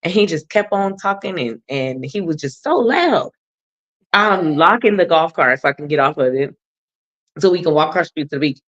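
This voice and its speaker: A woman's voice: deep voice, expressive, normal speed, a bit bright, dull audio. Blunt, profane woman telling a story. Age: adult mother of a son. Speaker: podcast co-host. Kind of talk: casual chat, storytelling.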